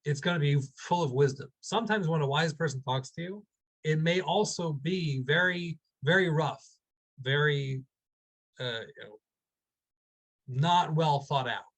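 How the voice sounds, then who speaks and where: Male rabbi with a slightly high voice, leading an informal class over video call; conversational and searching, often restarting his sentences. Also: rough recording. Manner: thinks aloud with many restarts and fillers; spells out Hebrew words slowly. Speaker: rabbi teaching a weekly class.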